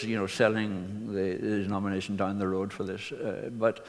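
A man's voice: on the low side, steady tone, unhurried, few pauses. An older man, a minister earnestly telling personal stories to his congregation. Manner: earnest anecdotal storytelling. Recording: reverberant hall.

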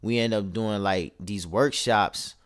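Guy on a podcast, chill reflective chat, smooth lowish voice. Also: slow pace. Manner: laid-back, reflective, trails off and restarts. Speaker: podcast co-host. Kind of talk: casual chat. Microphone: phone-like call audio.

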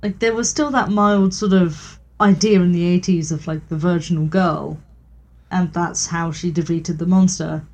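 A woman's voice: lowish voice, steady tone, normal speed, darkish tone. A woman co-hosting a casual film podcast, blunt and crude, with a jokey manner.

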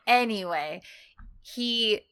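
Bright-voiced woman recapping a drama. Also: fairly high pitch, clear, resonant tone. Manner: animated retelling, acts out lines in quick voices. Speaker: podcast co-host. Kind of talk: casual chat recapping a drama.

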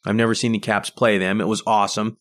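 A man's voice: lowish voice, level tone, fast, fairly bright tone. A man hosting a podcast, telling rambling personal anecdotes in a casual solo monologue and often restarting his sentences. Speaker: podcast host.

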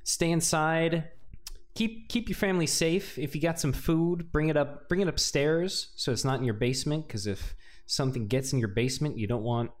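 A man's voice: on the high side, moderate pace, close to an everyday voice. Man as a Texan-accented priest, folksy drawl, reassuring. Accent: put-on Texan. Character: folksy middle-aged male priest.

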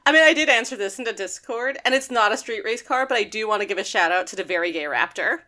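A woman co-hosting a podcast, telling stories in rambling, animated casual chat full of restarts. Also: fairly high pitch, fast. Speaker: podcast co-host.

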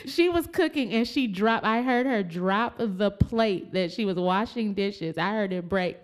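A woman telling a family story in a casual chat, dramatic and lively, shouting out the lines she quotes. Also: fairly high pitch, moderate pace, clean tone.

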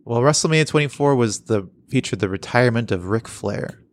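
A man's voice: mid-range voice, expressive, fairly quick, no room sound. A man co-hosting a casual podcast, reading comic strips aloud and laughing often. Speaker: podcast co-host. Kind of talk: casual chat.

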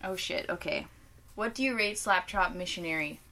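A woman's voice: lowish voice, normal speed, gravelly. A young woman co-hosting a podcast, chatting casually and giggling while tasting beers, swearing freely. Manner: giggly, profane, animated. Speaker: podcast co-host. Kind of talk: casual chat, beer tasting.

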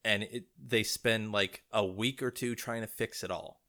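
A man's voice: on the low side, steady tone, unhurried, sharp tone. A man co-hosting a casual podcast, agreeing and adding his own complaints. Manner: agreeable, chiming in with short backing remarks. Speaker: podcast co-host.

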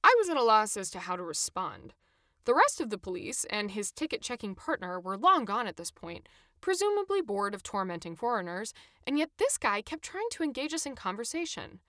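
A woman reading her own first-person travel memoir with expressive, animated storytelling. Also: mid-range voice, fairly quick, dry recording, clean studio sound. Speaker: narrator.

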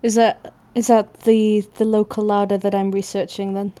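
Mellow-voiced Northern English woman. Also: mid-range voice, little pitch movement, normal speed. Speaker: podcast co-host. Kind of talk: casual chat.

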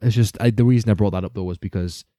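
A man's voice: on the low side, rapid-fire, mellow, no room sound. A man hosting a casual true-crime podcast, rambling along, laughing often and swearing now and then. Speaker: podcast host.

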